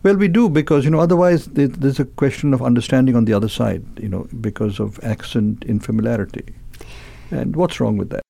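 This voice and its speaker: A man's voice: mid-range voice, brisk, vocal fry, dark tone. An older man answering interview questions as a company chairman, hesitant, with many fillers and repeated words.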